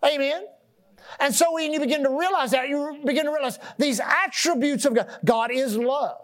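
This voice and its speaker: Speaking at a moderate pace in a very high-pitched voice, a pastor delivers an animated sermon. He poses call-and-response questions to the congregation, repeats and restarts words as his points build, and lets his loudness swell and fall.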